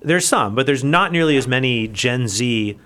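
A man's voice: mid-range voice, animated, normal speed, fairly bright tone. A man in his forties, a guest on a radio talk show, chatting in a rambling way with many restarts. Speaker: guest speaker. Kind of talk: casual radio guest chat.

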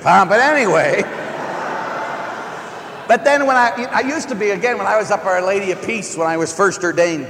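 A man who is a Catholic priest, giving a conversational homily as a joking, animated storyteller. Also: high-pitched. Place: large church. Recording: echoey church with long reverb.

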